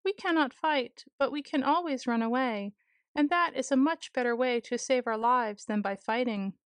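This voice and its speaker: A woman gives voice to a timid, gentle male rabbit from a storybook. He speaks softly and earnestly, in a high, light voice. The sound is close and dry. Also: moderate pace, no room sound, natural voice. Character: shy gentle male rabbit, small and polite.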